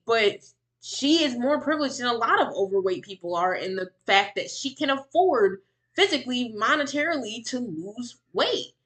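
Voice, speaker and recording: A woman delivers exasperated reaction commentary on a livestream. Her voice is bright and pushy, sitting a little high. She rants in long runs with frequent repetition. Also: expressive, normal speed. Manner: heated, ranting, exasperated. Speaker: commentary streamer reacting to a clip.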